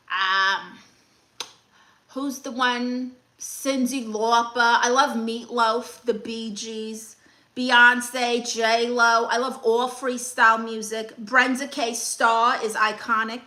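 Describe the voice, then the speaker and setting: A woman's voice: on the high side, level tone, takes it slowly, pushed and bright. A young woman comedian hosting a live stream, reading comments and handing out blunt, sassy advice.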